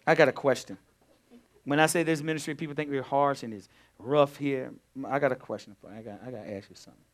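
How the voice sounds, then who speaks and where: A man preaching a sermon as pastor, swinging between quiet talk and loud, urgent emphasis. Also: mid-range voice, fairly even intonation, fast.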